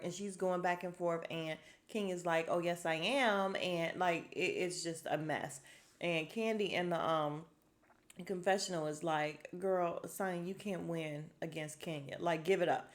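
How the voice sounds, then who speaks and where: A woman with a lowish voice talks casually into a home podcast mic. Her delivery is sassy and animated, full of quick quoted asides. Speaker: podcast host recapping a reality show. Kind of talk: casual chat.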